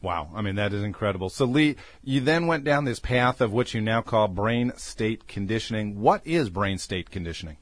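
A man's voice: on the low side, lively intonation, normal speed, few pauses, dry recording. Man hosting a radio talk show. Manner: reads guest bio formally, then chats. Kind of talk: scripted introduction and interview.

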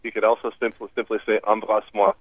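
A man's voice: medium pitch, normal speed, no room sound. Guy on a tinny phone line, upbeat teacher vibe, dry sound, laughs a lot. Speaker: language expert guest. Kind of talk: radio interview, explaining phrases. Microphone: phone call.

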